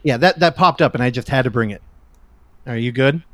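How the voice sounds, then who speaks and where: A man's voice: medium pitch, fairly quick, a bit bright, no room sound. A man from the San Francisco Bay Area co-hosting a casual film podcast, ranting and swearing freely. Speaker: podcast co-host.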